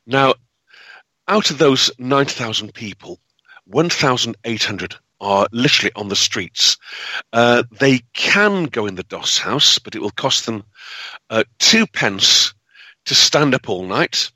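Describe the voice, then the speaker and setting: Bright, dramatic male history storyteller. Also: mid-range voice, dry recording, rough recording. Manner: dramatic, with frequent fillers and restarts.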